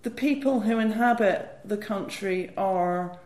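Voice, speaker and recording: A woman's voice: medium pitch, unhurried, darkish tone, roomy sound. A woman talking as a guest historian, explaining fluently and enthusiastically with frequent "you know" fillers. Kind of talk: conversational academic explanation.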